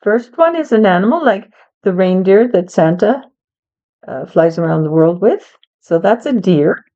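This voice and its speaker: A woman teaching English to learners, speaking slowly and clearly in a patient, encouraging way. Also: medium pitch, expressive, warm tone, lo-fi sound. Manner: patient, encouraging, talks to a child helper.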